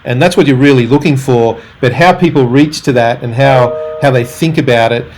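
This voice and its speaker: A man's voice: mid-range voice, moderate pace, a little mellow, a little hiss or hum, poor audio. A man hosts a business interview with an ordinary mid-range voice. He reflects aloud and asks long, winding questions. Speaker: podcast host, interviewer.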